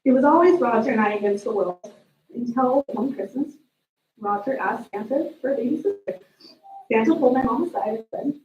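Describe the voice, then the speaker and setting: A sister gives a eulogy at a memorial service, animatedly retelling family moments with lively energy and a slightly fast pace. Her fairly high voice is caught from a distance by an echoey room mic in a roomy space. The sound is dull, with a faint hum beneath.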